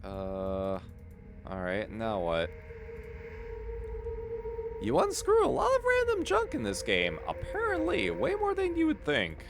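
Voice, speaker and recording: A man's voice: fairly low pitch, slow, vocal fry, long pauses. A young man streaming a video game, chatting casually, swearing and laughing easily. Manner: animated, profane, laughs easily. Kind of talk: casual gameplay commentary. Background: game music.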